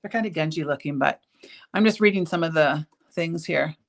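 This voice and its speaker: A woman with a deep, slightly fast voice and some vocal fry hosts a casual live-stream bead show from her jewelry shop studio indoors. She chats and rambles, full of ums and restarts, clearly keen on the beads.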